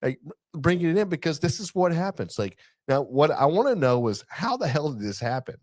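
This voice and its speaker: A man's voice: a little high, very animated, a little fast, darkish tone, dry recording, clean studio sound. A man co-hosting a barbecue podcast in casual chat, joking, rambling and laughing often. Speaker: podcast co-host.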